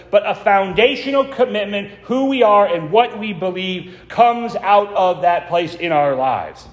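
A man preaching a sermon as pastor, telling a story in a measured way and slowing down to stress key words. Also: sits high. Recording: long church reverb.

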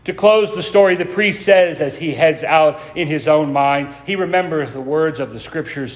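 Pastor preaching in an echoing church. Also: male voice, a little high, moderate pace, few pauses. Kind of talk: sermon. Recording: long church reverb.

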